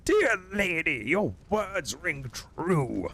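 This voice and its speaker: Man doing a stately, pompous knight, high and slow. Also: very animated, creaky, sharp tone, husky, full character voice. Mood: courtly. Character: courtly, pompous old-fashioned knight, male.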